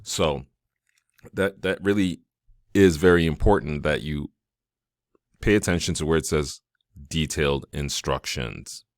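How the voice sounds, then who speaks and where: A man with a very deep voice talks through a software tutorial as he clicks along. He is casual and enthusiastic, thinking aloud with plenty of fillers. The sound is dry and close, with no room echo. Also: unhurried, pauses often. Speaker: tutorial host. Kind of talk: screen-recorded software tutorial.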